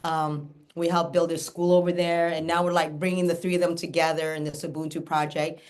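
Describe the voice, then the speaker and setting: A woman's voice: sits low, flat delivery, brisk, darkish tone. A woman guest, a documentary filmmaker, chatting casually and enthusiastically in an interview, with many fillers and run-on thoughts.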